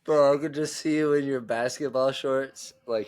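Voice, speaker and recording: A man's voice: mid-range voice, steady tone, moderate pace, darkish tone. A man co-hosting a podcast, reacting with laughs and casual comments. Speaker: podcast co-host. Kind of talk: casual chat.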